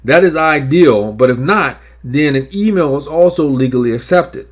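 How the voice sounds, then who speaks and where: Man giving measured credit advice. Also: on the high side, expressive. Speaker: credit repair advisor. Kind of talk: scripted instructional narration.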